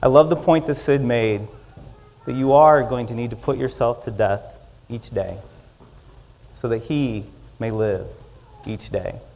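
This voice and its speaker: A man preaching a sermon. He swings from loud, rising lines down to soft, quiet endings. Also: mid-range voice, measured pace, creaky, pauses often. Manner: dynamic, rising loud in the story and dropping to soft closings. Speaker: pastor.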